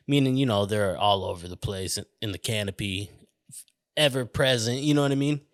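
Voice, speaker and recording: A man's voice: on the low side, fairly quick, dry recording. Man, podcast host, rambling casual chat, swearing, tangents, dry close sound. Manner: rambling, off on tangents, swearing, often saying "you know what I mean". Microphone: studio mic on camera.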